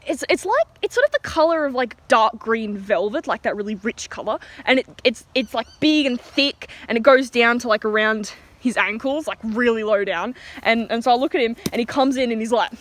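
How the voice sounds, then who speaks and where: A woman's voice: a little high, quick pace. A teenage girl with an Australian accent, telling a story in a chatty, giggly way with lots of fillers, recorded outdoors. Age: teens. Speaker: vlogger. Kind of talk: storytime rant.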